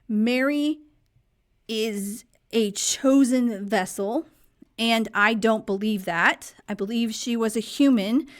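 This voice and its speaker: A woman, hoarse and losing her voice, giving her opinions in a casual, chatty vlog. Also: a little high. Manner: chatty, opinionated, faith-focused. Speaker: vlog host.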